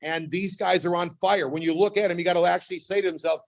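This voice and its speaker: A man's voice: sits high, steady tone, fast, vocal fry, poor audio. A man emceeing a business event, rallying the crowd with rhetorical questions before he introduces the speakers. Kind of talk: hype introduction.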